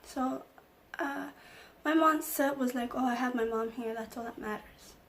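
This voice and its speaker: A woman's voice: sits high, a little slow, a bit bright, slight background noise. A young woman vlogger telling an emotional personal story, acting out the lines of the people in it. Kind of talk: storytime vlog.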